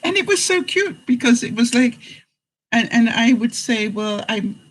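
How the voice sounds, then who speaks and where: A man's voice: extremely high pitch, expressive, moderate pace, a bit bright, rough recording. A man from England, hosting a casual vlog and answering viewers in a rambling way, often chuckling and full of fillers. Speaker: vlogger host.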